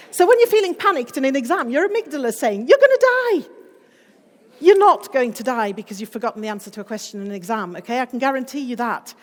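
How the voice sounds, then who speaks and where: A middle-aged woman giving a wellbeing talk to a school group, upbeat and encouraging, slowing to a soothing pace when guiding breathing. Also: a little high, long reverb tail. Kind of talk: guided class activity talk.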